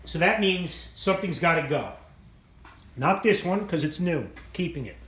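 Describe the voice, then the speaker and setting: Male vlogger, rambling and self-deprecating, slightly high voice, echoey shop sound. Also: animated, normal speed, fairly bright tone, slight background noise. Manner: rambling, self-mocking, swears casually. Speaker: channel host showing his machine shop. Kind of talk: casual rambling walk-through vlog. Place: indoor machine shop.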